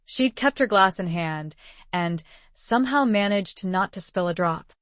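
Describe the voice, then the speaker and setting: A woman narrating a romance audiobook in a measured, expressive reading, on a close studio mic. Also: mid-range voice, no echo.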